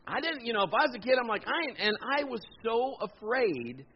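A man in his fifties preaching a sermon, telling a personal story in an animated, jokey way and acting out the voices. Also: very high voice, a little fast, slight background noise. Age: 50s. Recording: dull lo-fi sound.

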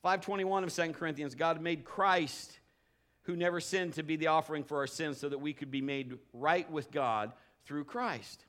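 A man's voice: on the high side, normal speed, a bit bright. A man preaching a sermon as pastor, building to emphatic points and acting out quotes.

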